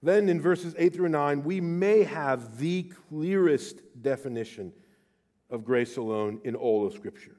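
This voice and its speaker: A middle-aged male pastor preaching a sermon with passion, swinging from loud declarations to hushed, slow phrases. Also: a little high, animated. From Southern California.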